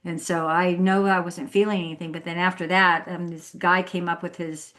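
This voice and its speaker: A woman's voice: lowish voice, flat delivery, moderate pace, fairly bright tone. A woman hosting a podcast from home, chatting casually and telling a story, acting out the people she quotes and laughing often. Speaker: podcast host.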